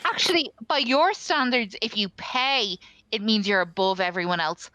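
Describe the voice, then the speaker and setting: A woman's voice: mid-range voice, bright, forceful tone, no room sound, lightly acted, poor audio. A woman playing a stubborn young woman mage who argues back in a tabletop game. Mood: arguing. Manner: argumentative and quick to object.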